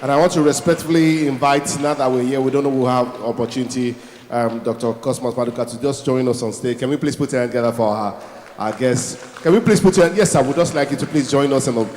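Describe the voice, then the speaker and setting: Male event MC, mid-pitched voice, echoey hall, faint room noise. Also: fast, darkish tone. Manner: rallying audience applause. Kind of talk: live event hosting. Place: large conference hall.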